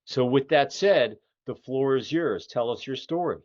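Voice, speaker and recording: A man's voice: mid-range voice, expressive, measured pace, darkish tone, no echo. A middle-aged man with a Philadelphia accent hosting a casual interview show, rambling with lots of fillers. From Philadelphia area, USA. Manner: rambling, many fillers, folksy. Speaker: podcast host. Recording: muffled lo-fi audio.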